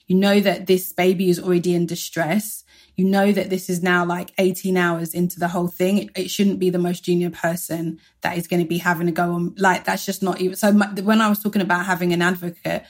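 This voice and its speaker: A woman, a guest retelling a personal story in a brisk, animated way, acting out what people said. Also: lowish voice. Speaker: interview guest.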